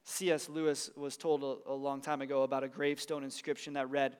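A man's voice: mid-range voice, level tone, brisk, clear, resonant tone. A man, a pastor, preaching a sermon in a conversational, emphatic way with casual asides.

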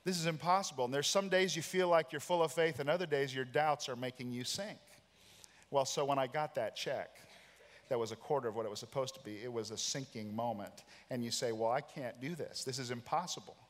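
A pastor in his forties preaching a sermon, telling a personal story with animated, self-deprecating humor. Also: medium pitch, a little fast. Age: 40s. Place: large church auditorium. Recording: church hall reverb.

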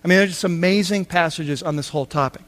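A man's voice: a little high, fast, a bit bright. A man preaching a sermon on a Bible passage, talking conversationally with asides and acted-out quotes. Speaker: pastor.

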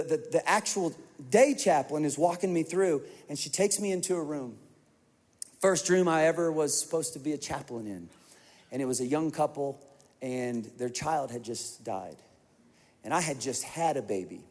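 A man preaching a sermon to a large congregation, telling stories in an animated way that swings from hushed to emphatic. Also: a little high. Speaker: pastor. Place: large church auditorium. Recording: long reverb of a large hall.

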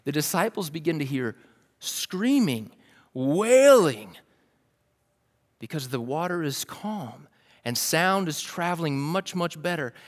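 A man's voice: a little high, big pitch swings, slow, pauses often, big-room sound. A man preaching a sermon as a pastor, telling the story vividly in a casual way, with fillers like "like" and "dude".

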